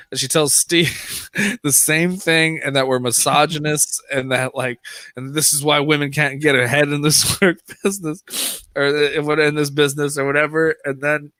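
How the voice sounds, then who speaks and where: A man's voice: on the high side, steady tone, normal speed, bright, forceful tone, no room sound. A man telling a long story on a podcast, rambling and swearing as he goes. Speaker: podcast co-host. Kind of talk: casual chat.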